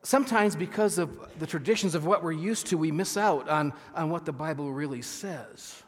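Earnest pastor preaching in a reverberant hall. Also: male voice, a little high. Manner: earnest, halting with frequent restarts, reading scripture slowly with emphasis. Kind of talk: sermon.

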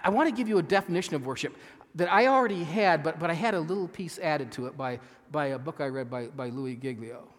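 Earnest pastor preaching in a reverberant hall. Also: male voice, on the high side. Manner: earnest, halting with frequent restarts, reading scripture slowly with emphasis. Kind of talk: sermon.

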